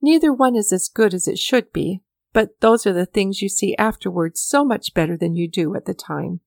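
A kindly old poet, chatty and eager to please his young guest, as a woman narrator puts him on. His lines run a little higher and livelier than the surrounding narration, heard in a dry, close storybook recording. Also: normal speed, gravelly, darkish tone, no echo, close to an everyday voice. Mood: genial. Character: genial elderly male poet, warm host.

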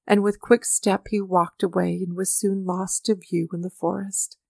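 A woman reading a story aloud as narrator, with measured, mournful storytelling. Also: mid-range voice, level tone, creaky, darkish tone, no echo, studio quality. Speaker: audiobook narrator. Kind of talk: scripted narration.

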